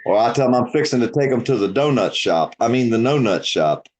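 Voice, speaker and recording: A man's voice: medium pitch, lively intonation, a little fast, a little mellow. A man with a mix of Northern and Southern US accent, chatting crudely in folksy rural talk and laughing often. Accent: mixed Northern and Southern US. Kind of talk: casual chat.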